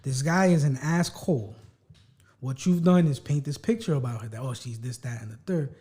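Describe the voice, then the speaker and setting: A man's voice: medium pitch, moderate pace, dark tone. Blunt, teasing man on a podcast. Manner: blunt, teasing, swears freely. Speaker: podcast co-host. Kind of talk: casual chat.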